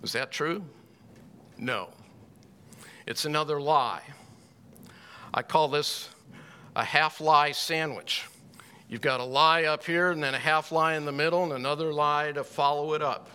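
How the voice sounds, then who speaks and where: A man teaching a Bible class in a folksy, unhurried way, with dry little asides. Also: fairly high pitch, steady tone, sharp tone, clean tone.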